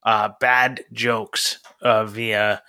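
Bright-voiced man rambling on a podcast. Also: on the low side, flat delivery, drawn-out words, smooth, no room sound. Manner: rambling with many fillers and restarts. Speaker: podcast co-host. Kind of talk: casual podcast chat.

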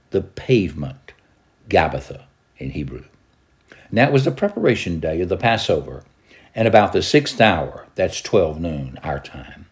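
A man with a fairly low voice reads scripture aloud like a preacher, adding short remarks of his own. He reads dramatically, lifting his pitch and volume when quoting shouts and speeches. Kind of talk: scripture reading with commentary.

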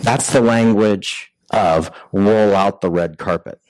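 A man's voice: on the low side, slow pace, a little mellow, no room sound, low-quality recording. Dry-voiced man preaching conversationally. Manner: conversational preaching with rhetorical questions and restarts. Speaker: pastor. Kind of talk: sermon.

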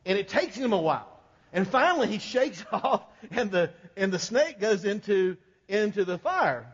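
Male pastor, high voice, casual storytelling sermon, dull recording with long reverb. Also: sing-song, normal speed, breathy edge. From American South. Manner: folksy storytelling, jokes with congregation.

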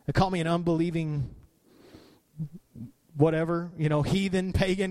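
A middle-aged man preaching a sermon as pastor, repeating phrases for emphasis and rising in pitch at his peaks. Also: flat delivery, moderate pace, long pauses, darkish tone.

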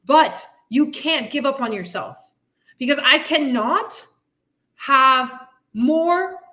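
A woman's voice: high-pitched, expressive, slow, pushed and bright. A woman fitness coach hosting her podcast, giving a blunt, frustrated, swearing tough-love pep talk. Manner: frustrated, venting. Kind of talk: candid motivational monologue.

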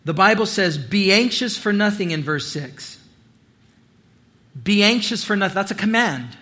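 Bright, high-voiced man preaching. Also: moderate pace. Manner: animated storytelling, acting out voices and quotes. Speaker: pastor. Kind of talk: sermon.

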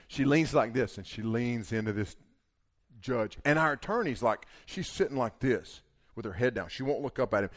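Man, casual storytelling, animated, mid pitch. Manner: animated, acts out quotes.

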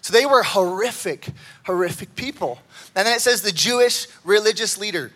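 A male pastor delivers a sermon with a high, bright voice. He tells stories animatedly, jumping up in pitch when excited. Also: moderate pace.

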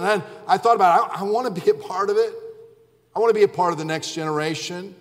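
A pastor in his forties preaches a fiery evening sermon in a church sanctuary, his high voice fast and echoing through the large hall. He's emphatic and impassioned, driving home repeated refrains.

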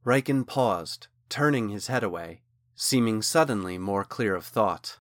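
Steady male fantasy narrator, dry sound. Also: lowish voice, a little slow, dry recording. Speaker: audiobook narrator. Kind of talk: scripted narration.

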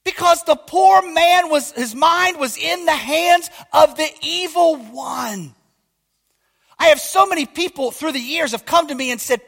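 A man's voice: very high voice, a little slow, vocal fry, a bit bright. A man preaching a fiery sermon as pastor, emphatic and often asking his congregation whether they are listening. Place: church. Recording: long hall reverb.

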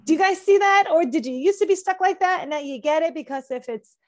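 A high-pitched middle-aged woman talking as an anxiety coach on a podcast. She drives her points home with emphatic repetition. Her tone is plainly conversational. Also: quick pace, a little mellow. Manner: emphatic, repeats key phrases for effect.

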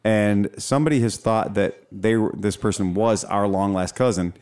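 A man's voice: fairly low pitch, normal speed, a little mellow, clean tone. A man hosting a podcast in casual, rambling chat, swearing freely and often restarting his sentences. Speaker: podcast host.

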